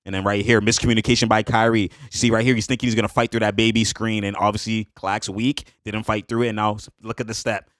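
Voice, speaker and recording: Man, low voice, hyped basketball reaction, slangy, laughs a lot, dry close sound. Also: little pitch movement, fast talker, hardly any pauses, fairly bright tone, no room sound. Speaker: basketball commentator reacting to highlights. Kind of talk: excited casual highlight reaction.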